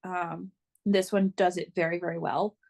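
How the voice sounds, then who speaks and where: A woman's voice: lowish voice, flat delivery, normal speed, a little mellow. Chatty woman podcast co-host. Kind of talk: casual podcast chat. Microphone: video call.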